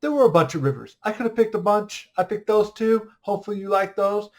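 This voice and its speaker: A man's voice: sits high, quick pace. A man teaching an online history class in a casual, upbeat way, joking and quizzing his students as he goes.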